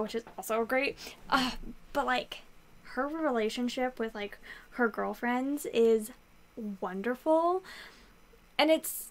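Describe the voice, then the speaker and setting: Chatty young woman with a high voice. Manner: chatty, lots of "like" fillers. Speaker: book vlogger. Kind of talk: casual book review chat.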